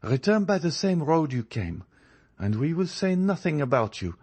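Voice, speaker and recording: A man's voice: on the high side, very animated, normal speed, darkish tone, voice pushed up. A man voicing a proud, cold young woman who speaks with scorn.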